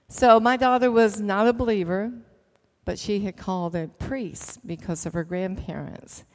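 A middle-aged woman shares a personal faith testimony in an earnest, storytelling way, pausing on small fillers. Her voice sits at an ordinary middle pitch. The sound trails off in the long reverb of a large hall. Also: darkish tone. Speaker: speaker giving testimony.

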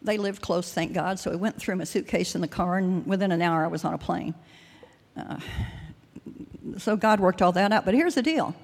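A woman's voice: lowish voice, moderate pace. An older woman giving an earnest sermon and personal testimony at a church service, rambling at times with restarts and fillers. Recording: long hall reverb.

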